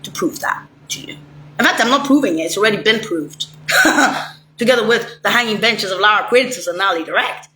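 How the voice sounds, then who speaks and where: A woman rants straight at the listener in a rambling, angry monologue full of swearing. Her mid-range voice is bright, forceful, fairly quick, and lively in intonation, with roomy echo, faint ambience, and slight background noise.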